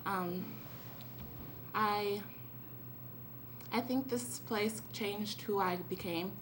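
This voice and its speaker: This noisy school-event recording captures a late-teen girl, honored as a student, giggling through a rambling thank-you speech. Her medium-pitched voice draws out its words.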